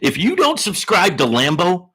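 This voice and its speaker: Man, live stream host, hyped shout-outs, bright forceful voice, swooping lively pitch. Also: moderate pace, slightly rough. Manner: boastful, teasing. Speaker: livestream host. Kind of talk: live Q&A stream, reading chat.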